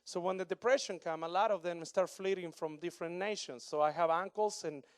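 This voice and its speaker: A man in his thirties from Argentina, preaching a sermon with an Argentine Spanish accent in broken English, animated and joking with the congregation. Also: high-pitched, a little fast, no echo, clean studio sound. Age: 30s. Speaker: pastor.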